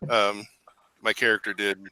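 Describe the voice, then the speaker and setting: A man playing a tabletop game, thinking his move through out loud. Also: on the low side, flat delivery, normal speed, clear, resonant tone, rough recording. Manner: plans aloud with hesitations. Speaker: player. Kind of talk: casual chat.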